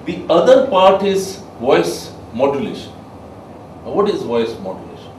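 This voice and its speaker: A man giving a soft skills lecture to a class, emphatic and quizzing his listeners. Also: fairly high pitch, very animated, moderate pace, a little hiss or hum. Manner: emphatic, asks the class questions. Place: training room with a class. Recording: echoey room, mic far off.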